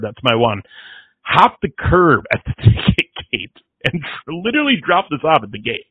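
A man's voice: mid-range voice, lively intonation, a little fast, a bit bright, no room sound. A man hosting a casual chat, telling rambling anecdotes and laughing as he goes. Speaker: podcast host. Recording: dry tinny phone-like sound.

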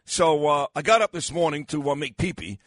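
An older man hosts a morning radio talk show from the studio, speaking briskly in a high-leaning voice with no room sound. He rambles and mocks himself, filling gaps with lots of fillers, and sounds tired, as if he's losing his voice.

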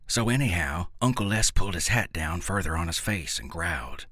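Deep, husky folksy story narrator, male. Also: lively intonation, moderate pace, few pauses, sharp tone, no room sound, clean studio sound. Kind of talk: first-person story reading in rural dialect.

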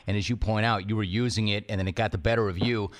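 A man hosting a podcast, thanking his guest and asking brisk follow-up questions. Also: lowish voice, steady tone. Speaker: podcast host. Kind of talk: interview questions.

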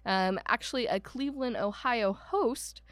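A woman's voice: on the high side, a little slow, no room sound. Chatty woman, dry close sound. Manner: chatty storyteller, many "um"s and asides, mock voices for quoted people. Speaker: podcast co-host. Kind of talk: casual chat about a haunted house.

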